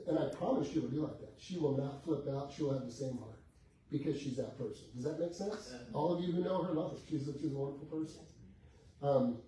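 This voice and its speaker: Middle-aged man, real estate coach, animated storytelling, mellow voice, distant mic, echoey room. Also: fairly high pitch. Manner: acts out both sides of a sales conversation, laughing often. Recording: echoey room with faint background noise, heard from a distance.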